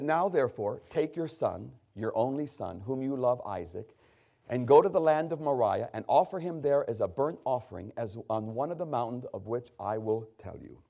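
A man preaching a sermon with emphatic, drawn-out stresses, asking the congregation questions and answering them himself. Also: medium pitch, vocal fry. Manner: lively, emphatic delivery with rising, drawn-out stresses.

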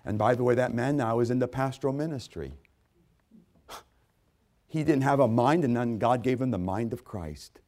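A man preaching a sermon, swinging from hushed, intimate storytelling to loud, rising exhortation. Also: moderate pace, pauses often. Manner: dramatic swings from hushed to booming. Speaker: pastor.

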